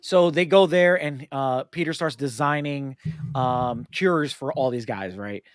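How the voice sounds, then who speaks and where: A man hosting a casual podcast, chatting and acting out movie scenes in quick voices. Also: medium pitch, dry recording, clean studio sound. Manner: animated, acts out movie lines in voices. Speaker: podcast host.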